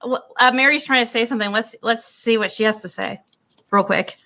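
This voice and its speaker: A woman hosting a livestream, quickly handing the floor to callers and smoothing things over. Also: on the high side, bright, forceful tone. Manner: quick, apologetic, steering the talk. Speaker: livestream host. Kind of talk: moderating a livestream.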